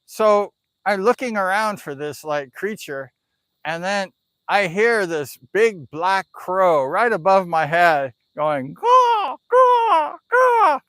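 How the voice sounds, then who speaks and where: A man's voice: high-pitched, slow pace, fairly bright tone, clean tone, no echo. A man on a live stream telling a spooky story in a casual, rambling way, full of "like" and "you know".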